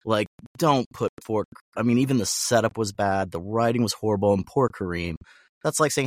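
A man's voice: lowish voice, moderate pace, dry recording, clean studio sound. A man who works as a voice actor, a guest in a casual chat, ranting bluntly with sardonic, profane jokes.

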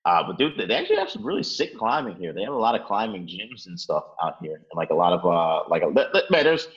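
A relaxed man chatting as a podcast guest, his speech quick and easygoing. His voice sits fairly low and comes through with a dull, lo-fi quality. He sprinkles his talk with "man" and "dude.". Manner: laid-back, peppered with "man" and "dude". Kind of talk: casual interview chat.

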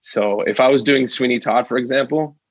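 Husky-voiced enthusiastic male actor, lo-fi sound. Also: medium pitch, brisk, dry recording. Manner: enthusiastic, rambling with fillers. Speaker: actor and guest. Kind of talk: casual interview.

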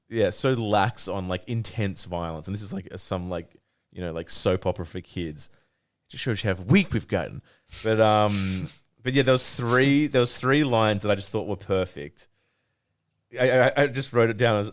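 A man co-hosting a podcast in casual chat, rambling, swearing a lot and laughing often. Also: fairly low pitch. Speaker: podcast co-host.

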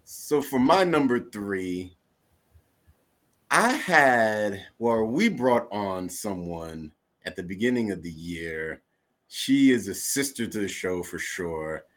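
A man's voice: on the low side, lively intonation, slow, fairly bright tone. A man co-hosting a podcast in casual chat, laid-back and joking, often repeating his phrases. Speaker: podcast co-host.

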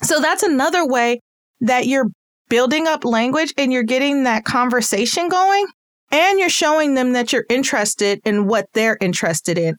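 A talkative mother shares parenting advice in a relaxed, chatty way, breaking into easy laughs. Her voice sits a little on the high side. The recording is close and dry, with no room sound. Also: moderate pace, dry recording. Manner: chatty, laughs easily, acts out little scenes. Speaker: parent giving parenting tips. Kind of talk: casual advice talk.

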